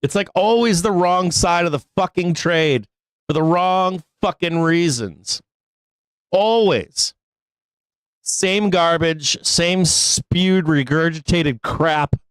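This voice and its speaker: A man's voice: high-pitched, slow, clear, resonant tone, no room sound, rough recording. A man hosting a live stock market show, ranting in exasperation with frequent laughter and cursing. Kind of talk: live-stream rant.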